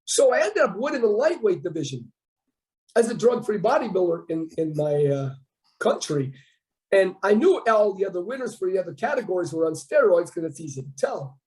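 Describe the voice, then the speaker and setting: A Canadian man in his fifties, a guest on a casual talk show, telling a story with lively quoted dialogue. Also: high voice, fairly quick, low-quality recording. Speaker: podcast guest, bodybuilder.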